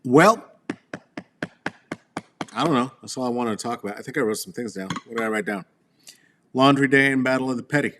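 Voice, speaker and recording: A man hosting a reflective storytelling monologue outdoors beneath a tree, talking slowly with wandering asides and fillers. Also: medium pitch, fairly bright tone, slight background noise. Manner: slow, wandering, with laughs and fillers. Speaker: host.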